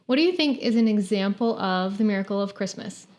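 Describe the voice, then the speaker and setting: Woman interviewer, mid-pitched, brief and encouraging, asks questions plainly. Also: lively intonation, a little fast, darkish tone. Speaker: podcast host.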